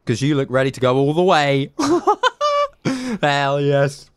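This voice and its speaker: English male streamer, young, chatty, casual swearing, animated pitch, dry close sound. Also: slow pace, dry recording. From England. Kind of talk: live gameplay commentary.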